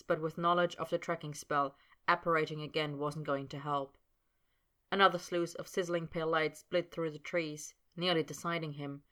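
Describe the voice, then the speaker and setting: Low-voiced woman reading a story. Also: fairly bright tone. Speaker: narrator. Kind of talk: scripted audiobook narration of fan fiction.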